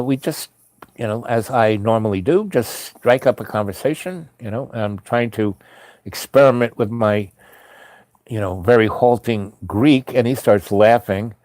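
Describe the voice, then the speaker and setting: A man's voice: medium pitch, unhurried, no echo. A man telling a personal travel story in a casual, rambling way, full of fillers and restarts.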